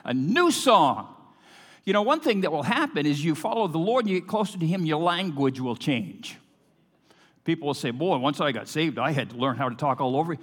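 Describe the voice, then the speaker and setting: A male pastor preaching emphatically, his voice high and very animated as it rises and drops. The sermon rings out with a long hall reverb behind it. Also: a little fast, breathy edge. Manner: emphatic preaching, swinging from loud to hushed.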